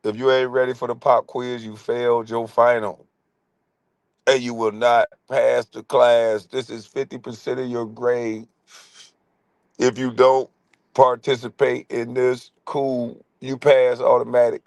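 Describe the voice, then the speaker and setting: A man hosting a casual live stream, brash and mocking as he roasts people and swings into loud, high put-on voices. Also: level tone, a little slow, vocal fry, dry recording. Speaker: livestream host.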